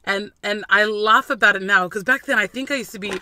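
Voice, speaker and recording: Bright-voiced animated woman storyteller. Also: mid-range voice, brisk. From Fiji. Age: 30s. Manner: animated storyteller who mimics her dad. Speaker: host. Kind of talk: casual chat.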